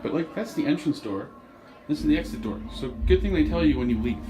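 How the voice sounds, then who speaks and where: A man's voice: fairly high pitch, expressive, fast. A young man vlogging casually while out and about, joking and rambling in a chatty way. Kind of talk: casual vlog chat.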